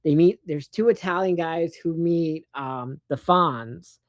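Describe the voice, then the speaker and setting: In a mid-range voice recorded with no room sound, a person rambles through a casual movie plot recap, slipping in profane, sarcastic remarks. They perform characters' lines in quick, put-on voices.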